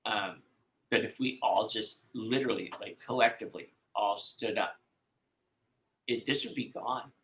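A man speaking as an interview guest, rambling and halting with many fillers and restarts. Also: on the low side, fairly bright tone, low-quality recording. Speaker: podcast guest. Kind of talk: emotional conversational interview.

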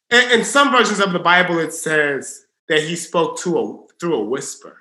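A man preaching in an earnest sermon style, dropping to a hush for emphasis. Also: sits high, animated, unhurried, few pauses. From Southern US. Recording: roomy echo.

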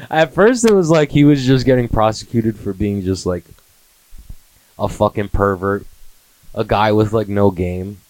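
A man's voice: fairly low pitch, takes it slowly, long pauses, darkish tone, low-quality recording. A man in his twenties on a casual comedy monologue, swearing a lot, laughing often and slipping into mocking impressions. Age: 20s. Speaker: comedy podcast host.

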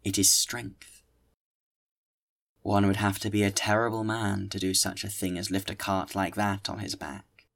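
A man voicing a suspicious police inspector who speaks slowly, stressing every word. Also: on the low side, level tone, vocal fry, fairly bright tone. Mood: cold. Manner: slow, pointed, emphasizing every word.

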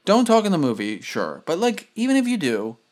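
A man's voice: high voice, a little fast. Rambling man telling a story. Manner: rambling, many fillers, animated retelling. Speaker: podcast host. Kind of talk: casual storytelling.

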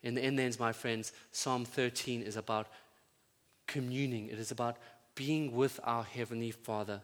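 A pastor preaching a sermon to his congregation, building to loud fervent peaks and then dropping to quiet, tender prayer. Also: mid-range voice, steady tone, moderate pace. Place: church. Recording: church sound with long reverb.

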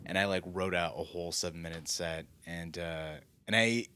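A man's voice: low-pitched, steady tone, moderate pace, sharp tone, a little hiss or hum. A man in his forties, a stand-up comic, telling a long personal story in casual chat. He rambles and mocks himself, with plenty of "like" and "uh". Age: 40s. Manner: rambling, self-deprecating, lots of "like" and "uh". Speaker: stand-up comedian guest.

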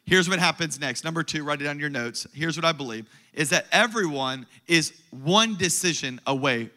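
Pastor, male, high bright voice, animated sermon delivery that rises to loud declarations and drops to low asides. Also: moderate pace.

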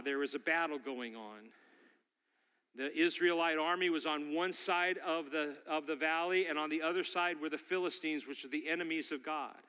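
A man preaching a sermon, telling a story and building to forceful exhortation. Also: on the high side, clean tone, big-room sound.

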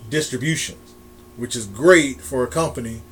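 A man's voice: mid-range voice, normal speed, a bit bright. A man co-hosting a casual wrestling chat podcast, rambling with restarts and frequent laughs. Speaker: podcast co-host.

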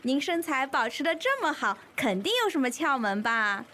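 A woman's voice: high voice, very animated, normal speed, pushed and bright, full character voice. A woman playing a young office employee in a recorded lesson dialogue, gushing overdone praise at her boss.

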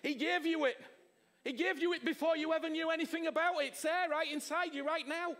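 A man preaching a sermon, emphatic, with rhetorical questions, swinging from loud exclamations to hushed words. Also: very high-pitched, steady tone, brisk.

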